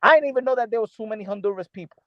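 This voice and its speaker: A man with a New York accent holds forth in a heated boxing debate, his voice sitting slightly high. He presses insistently and stacks repeated words to win the argument. The sound is dry and somewhat muffled. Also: racing, no room sound. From New York City. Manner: insistent, talks over others, repeats words. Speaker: boxing commentator.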